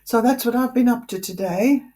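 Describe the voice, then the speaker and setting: A woman's voice: a little high, normal speed, warm tone. A middle-aged woman chatting casually as a podcast co-host, telling her day with friendly enthusiasm. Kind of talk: casual chat.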